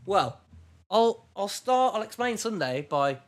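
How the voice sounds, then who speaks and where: A man's voice: sits high, sing-song, unhurried. Chatty man rambling on. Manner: rambling, chatty, self-deprecating. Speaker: podcast host. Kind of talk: casual chat. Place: hotel room.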